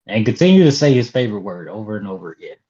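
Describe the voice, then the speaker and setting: A man's voice: lowish voice, sing-song, very fast, warm tone. Dry, mocking man on dull lo-fi audio. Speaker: podcast co-host. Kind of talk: casual wrestling review chat.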